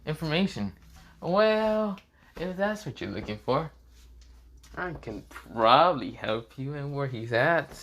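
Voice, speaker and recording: A man's voice: fairly high pitch, animated, measured pace, a bit bright, pitched above the performer's own voice. A man voicing a smug, scheming immortal male villain who teases and taunts in a casual fan-fiction story. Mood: smug teasing.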